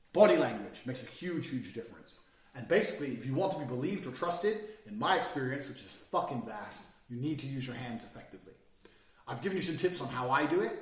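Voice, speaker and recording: Brash profane male course presenter, lively swinging delivery, echoey room, mic at a distance. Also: fairly high pitch. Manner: brash, profane, emphatic, mocks hesitant speakers. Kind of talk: lecture on body language and speaking. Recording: roomy echo, mic at a distance.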